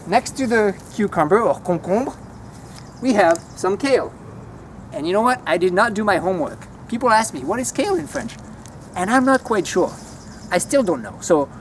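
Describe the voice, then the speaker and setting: A man walking through a home vegetable garden outdoors, naming plants and teaching their French words in a relaxed, chatty way. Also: high-pitched, a little hiss or hum. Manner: relaxed, chatty, easily enthused. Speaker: language teacher giving a garden tour.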